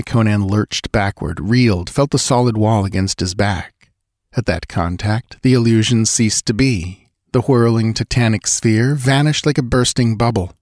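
Low-voiced man narrating an audiobook. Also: darkish tone, no room sound, studio quality. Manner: measured, dramatic storytelling. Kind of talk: scripted narration.

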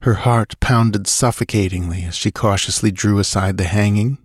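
A man reading an adventure story aloud in a steady, measured narration. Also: fairly low pitch, breathy edge, no echo, studio quality. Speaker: audiobook narrator. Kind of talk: scripted narration.

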